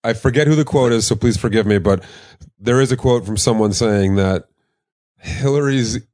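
A man's voice: medium pitch, normal speed, darkish tone, no echo, studio quality. A man co-hosting a podcast, mixing earnest political points with crude joking asides. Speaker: podcast co-host. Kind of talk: casual political banter.

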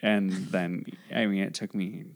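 A man in his twenties talking casually on a podcast, halting with restarts and small laughs. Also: sits low, level tone. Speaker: podcast host.

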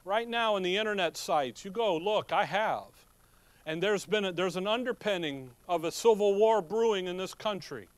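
Man, middle-aged pastor, folksy sermon, higher voice, dry close sound. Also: expressive, normal speed, no room sound. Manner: folksy, joking asides, rhetorical questions.

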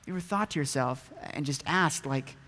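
A man's voice: on the high side, normal speed, pushed and bright. A man preaching a casual, conversational sermon, often asking his listeners rhetorical questions. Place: church hall. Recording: echoey hall with long reverb.

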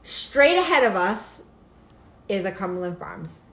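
A middle-aged woman telling a casual anecdote, animated and laughing often, swearing freely. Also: mid-range voice, measured pace, echoey room. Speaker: storyteller.

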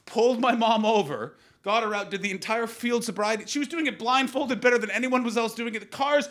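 A Canadian man in his thirties telling a stand-up comedy story and bantering with the audience, swinging from loud outbursts to low asides. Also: brisk. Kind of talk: stand-up comedy with crowd work.

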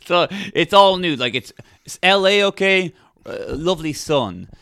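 A man's voice: high-pitched, lively intonation, a little slow, a bit bright, smooth, no room sound, studio quality. A young man on a comedy podcast, rambling through a story with constant "like" and "okay?". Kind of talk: casual comedic chat.

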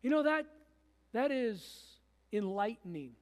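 Man, pastor, sermon, high voice, repetitive preaching, long reverb of a church hall. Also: big pitch swings, measured pace. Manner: preaching with repetition and frequent restarts.

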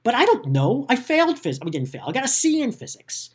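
A man from the United States hosts a podcast in a very high, husky voice with huge pitch swings and a brisk pace. He talks about politics casually, with sarcasm and self-deprecating humor.

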